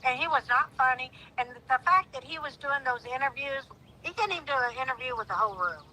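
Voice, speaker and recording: Bright-voiced woman, heartfelt and emphatic. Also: high-pitched, animated, quick pace, a little hiss or hum, rough recording. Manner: heartfelt, rising to indignant outbursts. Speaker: guest. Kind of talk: emotional phone-in conversation.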